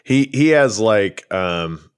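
Low-voiced man telling rambling stories. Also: lively intonation, slow, smooth, no room sound, clean studio sound. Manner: rambling, anecdotal storytelling. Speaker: podcast co-host. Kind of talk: casual chat.

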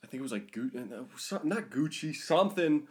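A man's voice: mid-range voice, animated, brisk, a little mellow. A man from Canada chatting casually, skeptical and teasing, laughing often. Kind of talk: casual chat.

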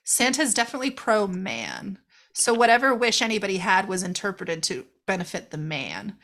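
With a sing-song, fairly bright voice of medium pitch, she talks at a moderate pace. She's a podcast co-host casually and animatedly chatting about a movie, laughing, swearing, and voicing the characters.

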